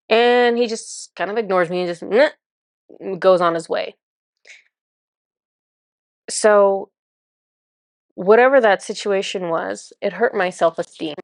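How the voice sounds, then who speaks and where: A woman's voice: medium pitch, unhurried, creaky, long pauses, dry recording, clean studio sound. A woman telling a spiritual experience in casual first person, chatty and full of "like" and "um". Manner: chatty, says "like" and "um" often. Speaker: spiritual channeler.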